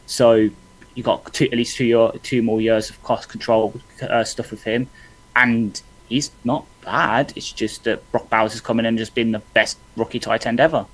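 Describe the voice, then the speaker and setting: A man's voice: mid-range voice, steady tone, moderate pace, fairly bright tone, poor audio. A man co-hosting a casual podcast, working through his points aloud with frequent restarts. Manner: loose, thinking-aloud analysis with restarts. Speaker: podcast co-host.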